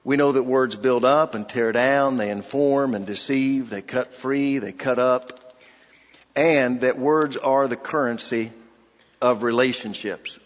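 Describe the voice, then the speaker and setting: A man preaching a sermon, mixing a family story with read scripture in a slow, deliberate manner. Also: medium pitch, long reverb tail, highs cut off. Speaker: pastor.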